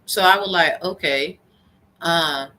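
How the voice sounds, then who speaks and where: A woman's voice: fairly low pitch, takes it slowly, bright, forceful tone. A woman telling a rambling, profane story in a heated personal rant to camera. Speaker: vlogger.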